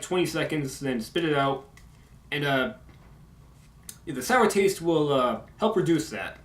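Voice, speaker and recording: A young man giving a casual video update, halting with many fillers and sharp S sounds. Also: a little high. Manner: strong S sounds. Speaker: YouTube video maker. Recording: echoey room.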